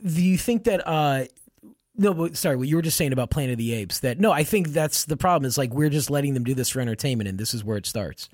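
A man's voice: mid-range voice, lively intonation, quick pace, a little mellow, dry recording, clean studio sound. A young man co-hosting a comedy podcast, making wry asides and laughing easily in casual chat. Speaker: podcast co-host.

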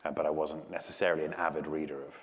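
A man in his thirties, an actor, chatting in a relaxed, self-deprecating way in an interview and laughing often. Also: a bass voice, very fast. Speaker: actor guest. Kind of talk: casual promotional interview. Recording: roomy reverb.

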